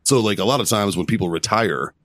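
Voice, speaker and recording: A man's voice: fairly low pitch, lively intonation, fast talker, fairly bright tone, no echo. A man hosting a casual podcast, rambling with heavy swearing and frequent restarts. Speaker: podcast host. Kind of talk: casual chat.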